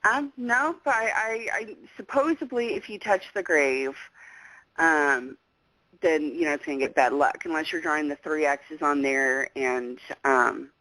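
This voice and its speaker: A woman's voice: low-pitched, steady tone, a little slow, bright, forceful tone, rough recording. A woman from Alaska, a guest on a casual radio chat, laughing often between phrases.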